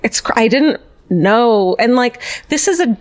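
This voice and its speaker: A woman's voice: a little high, unhurried. A young woman co-hosting a podcast, telling a story in casual chat and swearing freely. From United States. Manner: swears freely, chatty and animated. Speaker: podcast co-host.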